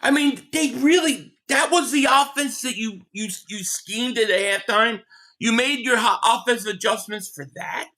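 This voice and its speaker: A man hosting a live game reaction stream, ranting in frustration, stammering and shouting at plays. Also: very high voice, a little slow.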